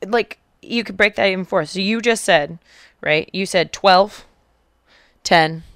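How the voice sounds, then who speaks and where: A woman co-hosting a casual podcast, chatty and a little halting as she explains charity figures. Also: medium pitch, a bit bright, no echo, studio quality. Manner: chatty, with frequent fillers and restarts. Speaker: podcast co-host.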